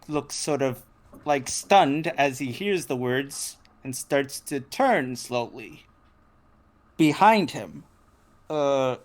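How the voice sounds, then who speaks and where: A game master narrating a tabletop role-playing game, slow and halting with frequent restarts. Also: mid-range voice. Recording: faint background noise.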